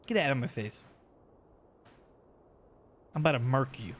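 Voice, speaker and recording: A young man casually commenting on a story game for his livestream chat, animated and joking as he recaps what happened. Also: mid-range voice, measured pace, pauses often, a little hiss or hum.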